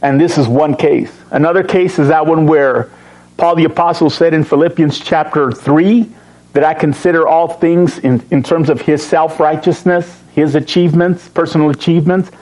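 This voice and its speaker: A man teaching a Bible study, reading verses slowly and stressing key words, with joking asides to his class. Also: a little high, fairly even intonation, darkish tone, rough recording. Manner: emphatic, slows to read verses, joking asides.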